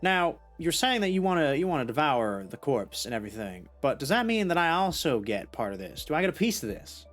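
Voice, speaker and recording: A streamer giving casual let's-play commentary, chatty and thinking out loud with many restarts. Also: medium pitch, very animated, fairly quick, hardly any pauses, soft background music.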